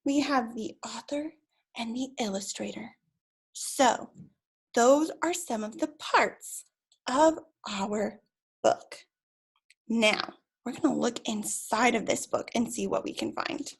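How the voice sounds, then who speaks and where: A woman teaching young children to read, speaking slowly and encouragingly and drawing out her words. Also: fairly high pitch, slightly rough. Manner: slow, drawn-out, encouraging teacher voice. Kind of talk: early reading lesson for young children.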